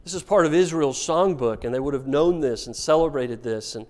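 Pastor, male, fairly high voice, lively storytelling sermon with dry jokes. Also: brisk. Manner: animated storytelling with wry humor.

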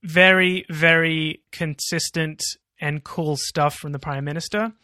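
A man's voice: a little high, steady tone, measured pace, pushed and bright, dry recording. A man co-hosting a podcast, chatting casually in a dry, sarcastic way. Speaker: podcast co-host. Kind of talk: casual political chat.

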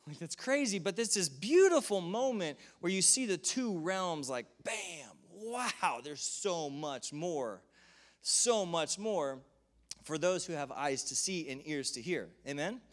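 A high-voiced man preaching a sermon, retelling stories with animated energy. He laughs often and breaks into quick asides between the big moments.

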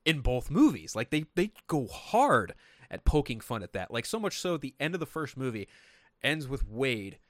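A man talking on a podcast in a lively, swooping voice, swearing freely and slipping into voiced quotes as he tells stories. He sounds close and dry on the mic, with no room around him. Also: medium pitch, moderate pace, no echo. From Sacramento, California. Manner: animated, profane storytelling with lots of voiced quotes. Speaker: podcast co-host. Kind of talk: casual chat.

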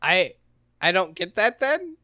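A man co-hosting a casual gaming podcast, talking in an animated, jokey, mocking way. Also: sits high, slow pace, dry recording, studio quality. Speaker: podcast co-host.

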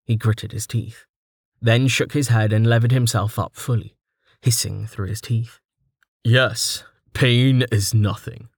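A man narrating a fantasy audiobook in a steady, even storytelling manner. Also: lowish voice, moderate pace, creaky, slightly rough, no echo, clean studio sound.

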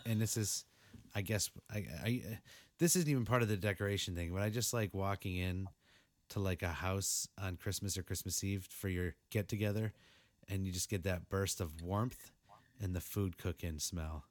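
Lower-voiced man ranting crude jokes. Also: moderate pace, no room sound. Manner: crude jokes, animated rants, swears freely. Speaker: podcast co-host. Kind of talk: casual chat.

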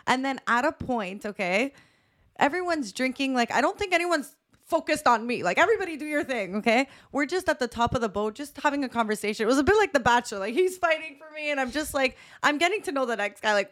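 Young woman telling a story, animated and laughing. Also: sits high, fairly quick. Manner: animated, laughing, acts out quoted voices. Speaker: podcast co-host. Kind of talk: casual chat, storytelling.

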